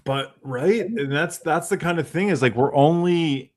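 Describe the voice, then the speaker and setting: A man's voice: fairly high pitch, a little slow. A man hosting a live stream, talking in a reflective, easygoing way and swearing casually. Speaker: podcast host.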